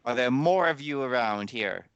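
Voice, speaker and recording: Tabletop player, male, bright and forceful tone, dry close sound. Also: medium pitch, expressive, moderate pace, clean tone, no echo, dull audio. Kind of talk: casual tabletop play.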